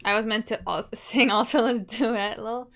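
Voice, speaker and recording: A young adult woman streamer chatting casually with her viewers, reading their comments, laughing often and trailing off softly at the ends of her thoughts. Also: a little high, steady tone, moderate pace. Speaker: livestreamer.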